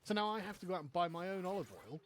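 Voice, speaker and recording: A man's voice: high-pitched, racing, a crowd in the background. A man with an English accent, giving a profane, sarcastic political rant on a live stream. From England. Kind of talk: ranting political commentary.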